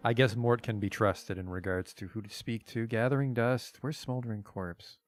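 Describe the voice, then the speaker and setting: A man's voice: on the low side, steady tone, moderate pace. A man streaming a video game, commenting sarcastically and swearing casually. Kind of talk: let's play commentary. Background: faint game music.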